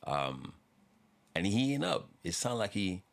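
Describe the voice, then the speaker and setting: A man's voice: lowish voice, very animated, a little slow, vocal fry. A man hosting a music reaction video, talking in a laid-back, rambling way with frequent laughs and casual swearing.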